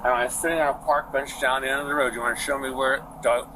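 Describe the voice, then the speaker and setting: A man's voice: medium pitch, flat delivery, racing. A man in his seventies rambling to police about what happened, chatty and repeating himself, recorded outdoors on a body camera. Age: 70s. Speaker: witness talking to police. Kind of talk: rambling storytelling. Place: outdoors on a street. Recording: outdoor body-cam audio with background noise.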